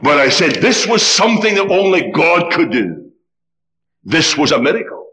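A man preaching a sermon, telling a story with dramatic, animated delivery. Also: a little high, moderate pace.

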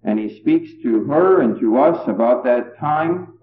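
A man preaching a sermon, explaining a Bible passage in a measured way with emphatic rises. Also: medium pitch, animated, slight background noise. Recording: echoey tinny lo-fi recording.

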